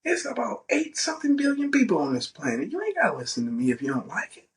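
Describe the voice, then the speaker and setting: A man's voice: sits high, huge pitch swings, quick pace, far from the mic, pitched above the performer's own voice. A man voicing a brash male entrepreneur who talks bluntly and curses. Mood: defiant. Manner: blunt, profane, dismissive.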